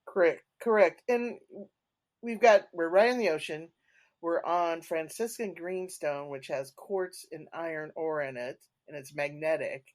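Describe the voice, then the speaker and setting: A woman guest on a podcast, a paranormal investigator talking in a chatty, animated way and laughing between points. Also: low-pitched, unhurried. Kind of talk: casual conversational storytelling.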